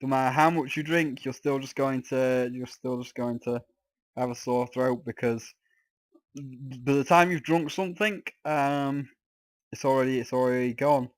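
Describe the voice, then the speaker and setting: A man's voice: medium pitch, moderate pace, dry recording. A man with a slightly sore throat, ranting and swearing in exasperation while giving casual gameplay commentary as a let's play host. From England.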